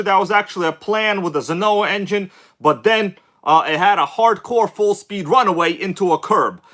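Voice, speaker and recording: A man's voice: high voice, normal speed, hardly any pauses, pushed and bright. A man hosting a live stream, talking casually with an upbeat, hyped-up manner and chatty asides to his viewers. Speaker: livestream host.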